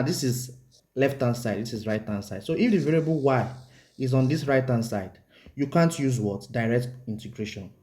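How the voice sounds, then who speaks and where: Man teaching maths, mellow voice. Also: mid-range voice. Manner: repetitive, asks the viewer rhetorical check questions; writes on the board while explaining. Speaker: maths tutor. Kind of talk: whiteboard maths lesson.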